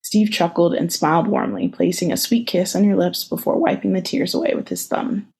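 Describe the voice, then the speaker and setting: A woman co-hosting a podcast over a video call, reading a fan story aloud in an even, unhurried way. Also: fairly low pitch, slightly rough, poor audio. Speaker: podcast co-host.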